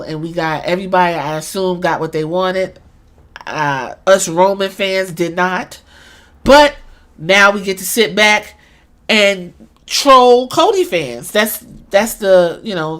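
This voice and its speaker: A woman hosting a podcast, giving a casual, profane recap and acting out moments with sudden shouts. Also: on the low side. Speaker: podcast host.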